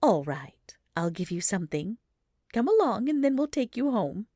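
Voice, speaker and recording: A woman's voice: medium pitch, very animated, normal speed, mellow, no echo, studio quality, voice pushed up. A woman voicing a kindly, motherly woman who soothes and coaxes a lost child. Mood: coaxing. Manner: soothing and coaxing.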